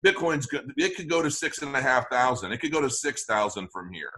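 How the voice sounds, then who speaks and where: A man's voice: mid-range voice, expressive, fairly quick, sharp tone, slight background noise. A man talking as a guest in an interview, rambling with many restarts and fillers. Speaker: crypto channel guest. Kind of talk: conversational interview.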